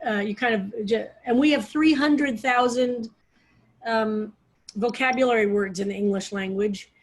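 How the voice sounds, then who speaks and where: A woman's voice: on the high side, measured pace. Rambling woman rabbi teaching. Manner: digressive, restarts often, talks over her own phrasing. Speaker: rabbi teaching a text study. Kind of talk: informal teaching on a video call. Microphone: video call.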